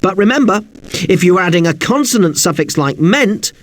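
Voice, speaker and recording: A man with a high, lively voice teaches an English spelling lesson. He talks slowly and spells words out letter by letter. The recording is dry and close. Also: no room sound.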